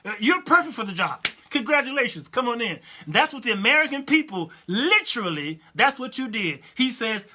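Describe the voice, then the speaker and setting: A man in his fifties with a high, piercingly bright voice talks straight to his viewers. He delivers a loose, animated commentary and laughs often. Now and then he stops to answer comments from the live chat. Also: moderate pace, hardly any pauses. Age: 50s. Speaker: talk show host. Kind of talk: casual commentary monologue.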